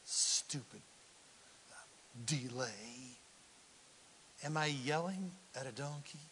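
Animated preacher in a reverberant hall. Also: male voice, medium pitch, slow, slight background noise. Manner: animated, swings from loud to whispered asides. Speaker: pastor. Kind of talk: sermon.

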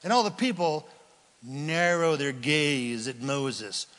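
Animated high-voiced man preaching in a hall. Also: slow. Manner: animated, acts out Bible scenes with casual voices. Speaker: pastor. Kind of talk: sermon.

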